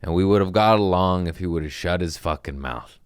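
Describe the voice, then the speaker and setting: Low-pitched young man, comedian podcast host, animated and profane, self-mocking, smooth resonant voice, dry close sound. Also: fairly quick, no room sound. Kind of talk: casual storytelling monologue.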